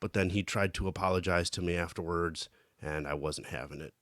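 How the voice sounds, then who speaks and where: Chatty man with a low voice. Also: steady tone, brisk, a bit bright. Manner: chatty, recounting stories. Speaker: podcast co-host, amateur hockey player. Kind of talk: casual chat.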